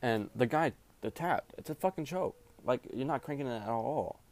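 A man's voice: mid-range voice, expressive, moderate pace, a little mellow. A young man, a jiu-jitsu referee, ranting in a casual, rambling way, full of swearing and slang. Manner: profane, rambling, heavy slang.

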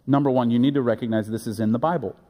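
A man's voice: fairly even intonation, dark tone. Earnest preaching man, echoey church hall. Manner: earnest, building to emphatic high-pitched peaks with halting restarts. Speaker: pastor. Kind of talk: sermon. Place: church sanctuary.

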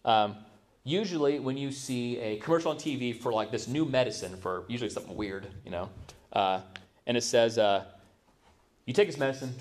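A man's voice: mid-range voice, fairly quick. A middle-aged man preaching a sermon as pastor, talking conversationally, asking the congregation questions and acting out people's excuses. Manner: conversational, asks the audience rhetorical questions; acts out quoted excuses in a mocking voice.

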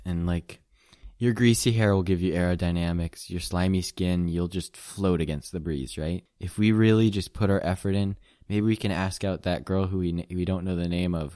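A man voicing a hapless young male loser giving himself a quiet pep talk in a tabletop game. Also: no room sound, clean studio sound, close to an everyday voice. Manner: low mumbling self pep talk.

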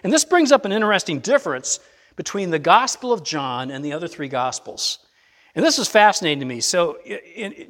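A man preaching a conversational sermon as pastor, building to emphatic bursts and dropping back to a calm explaining tone. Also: on the high side. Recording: long reverb of a large hall.

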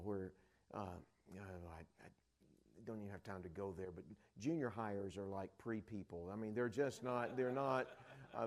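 A middle-aged man from the Dallas area preaching a sermon, retelling Bible scenes and acting out the voices of the disciples. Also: on the low side. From Dallas area, Texas.

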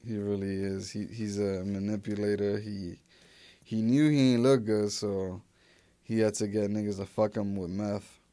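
A man's voice: on the low side, steady tone, moderate pace, mellow, no room sound. A young man hosting a solo podcast, talking loosely and profanely with many restarts and fillers. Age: young adult. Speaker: podcast host. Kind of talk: casual solo podcast rambling.

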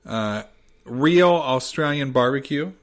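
A man's voice: medium pitch, expressive, slow. A man with an American Midwest accent, hosting a podcast with wry, teasing, laughing banter. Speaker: podcast host. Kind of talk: casual chat.

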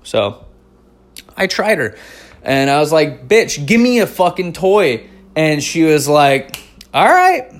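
A man in his forties hosts a podcast, telling stories in a casual, profane, slangy way and calling listeners "dude". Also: mid-range voice. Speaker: podcast host. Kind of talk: casual storytelling chat.

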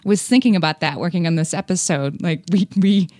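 Woman podcast host, lower voice, chatty and self-correcting, dry studio sound. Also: a little fast, darkish tone, no room sound. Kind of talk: casual conversation.

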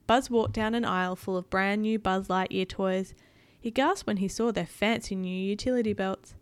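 A woman's voice: mid-range voice, moderate pace, dry recording. Woman reading a storybook aloud. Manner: gentle, patient explaining. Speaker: parent reading to a child.

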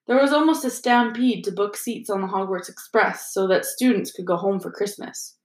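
A woman reading a storybook aloud in a steady, even storytelling manner. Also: medium pitch, normal speed, hardly any pauses, roomy sound. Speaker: audiobook reader. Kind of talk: scripted narration.

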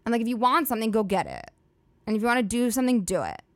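A woman's voice: on the high side, huge pitch swings, rapid-fire, no echo. A woman hosting a solo comedy podcast, rambling and swearing freely with lots of "like" fillers. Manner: profane, rambling, filler-heavy "like" talk. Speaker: podcast host.

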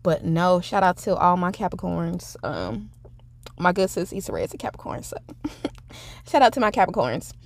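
A woman's voice: lowish voice, expressive, normal speed, no echo. A young adult woman hosting her own podcast, talking in a chatty, rambling, self-reflective way. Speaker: podcast host. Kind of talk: casual solo podcast monologue.

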